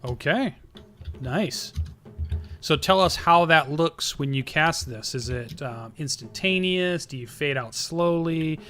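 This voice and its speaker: A man's voice: a little high, slow, bright, forceful tone, soft background music. A man narrating as game master, easygoing and prompting players with questions.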